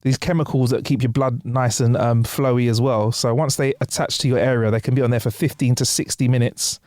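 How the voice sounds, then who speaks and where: A man's voice: mid-range voice, fairly even intonation, a little fast, a little mellow, no room sound, clean studio sound. A young man co-hosting a podcast, casually sharing facts and laughing often. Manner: laid-back, sharing facts with frequent laughs. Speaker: podcast co-host. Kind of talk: casual chat.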